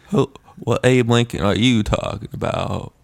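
A man voicing a laid-back young male game show contestant who drawls his lines slowly. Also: mid-range voice, gravelly, a little mellow. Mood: befuddled. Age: young adult.

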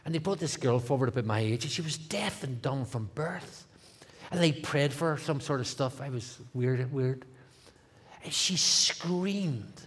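Northern Irish man, husky, middle-aged, guest speaker, comic testimony, hushed then loud. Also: mid-range voice, measured pace. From Northern Ireland. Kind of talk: testimony storytelling.

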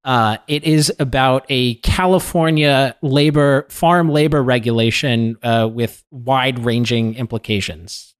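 A male guest writer laying out a legal case in a measured, explanatory manner. He pauses on frequent "uh"s and "um"s as he works through the details, at a plain middle pitch. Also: clean tone. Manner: measured, hesitant fillers.

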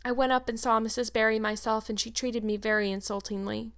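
A woman's voice: fairly high pitch, level tone, brisk, fairly bright tone. A woman reading an audiobook and voicing an eleven-year-old orphan girl who speaks in a flowery, dramatic way. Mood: despairing. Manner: breathless, flowery, pleading.

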